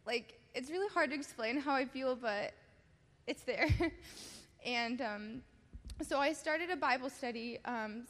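A young woman with a slightly high voice tells her story before a church gathering, halting and laughing nervously between thoughts. Her voice rings out in a big hall with a long reverb trailing each phrase. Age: young adult. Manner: giggly, halting, many fillers. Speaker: baptism candidate giving testimony. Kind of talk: personal testimony in church. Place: church service.

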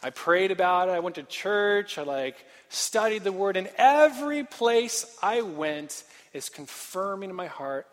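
Young male speaker, slightly high voice, animated and self-mocking storytelling, long hall reverb. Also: a little slow, hardly any pauses. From Portland, Oregon. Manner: animated, self-deprecating, casual filler-heavy. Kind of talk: storytelling sermon.

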